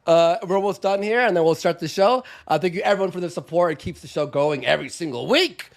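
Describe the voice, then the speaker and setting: A man's voice: high-pitched, quick pace, vocal fry. A man co-hosting a live stream, reading out donation messages in a casual, joking way with laughs and fillers. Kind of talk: casual livestream chat.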